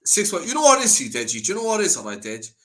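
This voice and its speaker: A man joining a football chat with loose, slangy banter, calling the others bro and G. His voice is bright and forceful, slightly high. The tone is relaxed and confident. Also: very fast. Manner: slangy and laid-back, calls people bro and G. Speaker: guest football fan.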